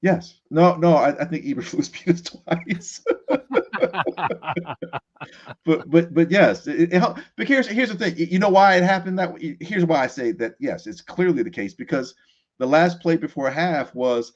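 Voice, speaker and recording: A man guesting on a sports talk show, animated and quick to laugh, often restarting his sentences. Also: on the high side, lo-fi sound.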